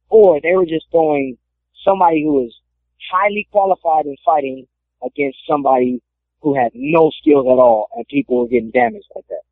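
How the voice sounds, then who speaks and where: A young man tells a personal story in a casual interview, slipping into quoted voices as he goes. His voice has a gravelly edge. The sound comes over a tinny, dry phone line. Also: a little high, dry recording. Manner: animated storyteller, acts out quotes. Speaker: MMA fighter interviewee.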